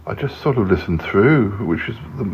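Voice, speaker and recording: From a hotel room, a man with a fairly low, animated voice hosts a casual solo podcast at a moderate pace. He rambles hesitantly with many ums, and the dull lo-fi audio carries a little hiss or hum.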